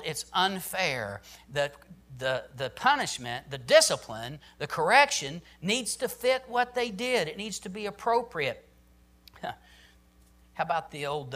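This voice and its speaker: A man's voice: high voice, pushed and bright. A man preaching a sermon on parenting, emphatic, often saying "listen" and "I'm telling you".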